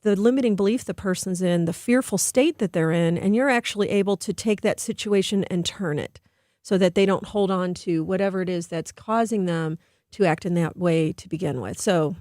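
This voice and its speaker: Her voice sits on the low side with a darkish tone, recorded close and dry with no echo, as this middle-aged guest expert on behavior answers questions in a radio studio. Speaking earnestly at a normal pace, she lays out her thinking with care, brightening into animated impressions when quoting others.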